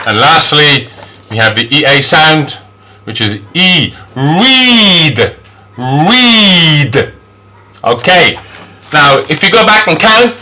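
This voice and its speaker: A man teaching English phonics, patiently modeling each sound slowly and with exaggeration. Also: mid-range voice, sharp tone, a little hiss or hum. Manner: slow, exaggerated sound demonstrations; patient, reassuring. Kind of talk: phonics lesson.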